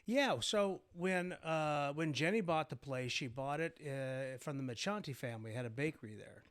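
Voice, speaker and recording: A man's voice: fairly high pitch, normal speed, fairly bright tone, smooth. An older man, a guest on a talk show, reminiscing about his restaurant in rambling stories full of "uh" and "you know.". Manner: rambling reminiscing storyteller with many fillers. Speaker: guest, former restaurant owner. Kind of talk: casual interview chat.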